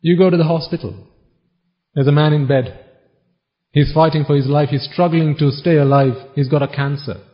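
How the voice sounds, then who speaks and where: A man's voice: a little high, steady tone, normal speed. A man giving a Buddhist sermon, teasing his listeners with one question after another in a wry tone. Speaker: Buddhist preacher. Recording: dull lo-fi recording.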